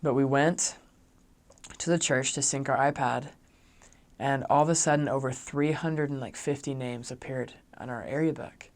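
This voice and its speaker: In a fairly even, mid-range voice at a moderate pace, a young man recounts a personal story from his time as a missionary, chatty and full of fillers. He lifts his voice when quoting himself being kind.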